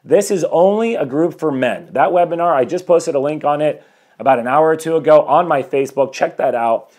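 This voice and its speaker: A man's voice: a little high, a little fast, a little mellow. A man in his forties, a life coach talking energetically and a bit ramblingly to viewers on a live stream from his home, preaching about self-improvement and greeting people as they join. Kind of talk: motivational live-stream talk.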